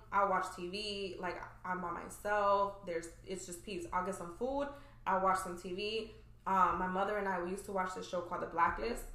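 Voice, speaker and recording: A woman's voice: on the low side, sharp tone, roomy sound. A young woman guest chatting casually on a podcast, full of "like" and "you know" as she tells her story. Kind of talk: casual chat.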